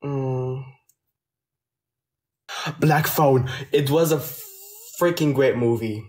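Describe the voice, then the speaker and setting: An unhurried man with a French accent talks on a phone livestream, taking his time between words. His speech is soft and halting, with a mid-range pitch, and he often trails off as he answers viewer comments. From France. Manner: soft-spoken, hesitant, trailing off. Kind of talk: casual livestream chat.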